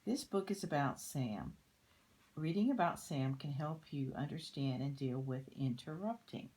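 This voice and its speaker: An older woman reading a children's picture book aloud, soft-spoken and often slipping into a whisper. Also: deep voice, expressive, measured pace, low-quality recording.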